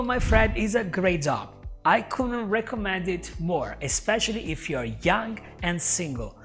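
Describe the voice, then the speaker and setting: An English teacher who is not a native speaker, giving job tips to camera in an upbeat way and often calling the viewer "my friend". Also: male voice, sits high, bright, forceful tone. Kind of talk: talking to camera, tips video. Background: faint music.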